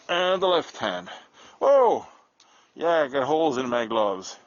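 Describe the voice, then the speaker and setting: A man's voice: fairly high pitch, animated, measured pace, muffled recording. Male livestreamer, chatty and joking, outdoors at night, faint background hiss. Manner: chatty, joking, talks to his dog. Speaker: live-stream host. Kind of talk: casual night-walk livestream. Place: outdoors at night on a country road.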